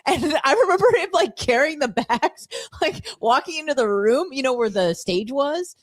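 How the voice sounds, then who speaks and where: A woman co-hosting a radio show, telling stories in an animated, profane way and laughing often. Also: high voice, moderate pace, no echo, studio quality. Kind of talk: casual radio chat. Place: radio studio.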